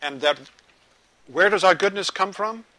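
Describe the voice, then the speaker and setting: A man preaching a sermon to a live group, asking them questions and telling a lively joke. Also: sits high, measured pace, dry recording, rough recording. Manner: animated storytelling, joke-telling.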